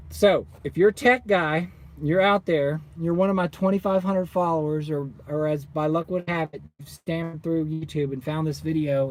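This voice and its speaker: A man who runs a solar installing business, ranting casually to viewers with animated exasperation. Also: fairly high pitch, a little hiss or hum. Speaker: solar installer, channel owner.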